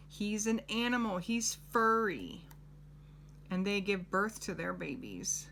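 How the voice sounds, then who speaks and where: Woman, middle-aged, kids' lesson host; unhurried delivery, crisp bright tone, coaxing questions. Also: mid-range voice, very animated, a little hiss or hum. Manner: gentle, coaxing, asks the child questions. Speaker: teacher. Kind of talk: children's lesson.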